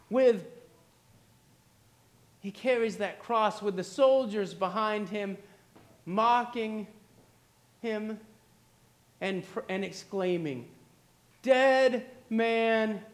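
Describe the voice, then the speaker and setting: A man preaching a sermon, retelling a story dramatically with repeated refrains. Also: high-pitched. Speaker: pastor.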